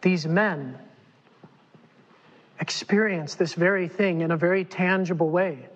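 The recording is muffled, with long church-hall reverb, as a man with a high voice delivers a sermon to his congregation. Speaking at a measured pace, the pastor is dramatic and forceful, performing quotations as he goes.

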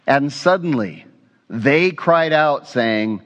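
A man's voice: fairly high pitch, animated, measured pace, a bit bright, in a large hall. A man preaching an expository sermon as a pastor, conversational and often asking his congregation questions.

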